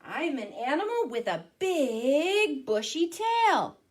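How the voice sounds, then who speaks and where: A woman's voice: sits high, sing-song, takes it slowly, full character voice. A woman doing a riddling squirrel. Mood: playful. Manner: riddling, teasing. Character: tree-climbing, nut-eating squirrel.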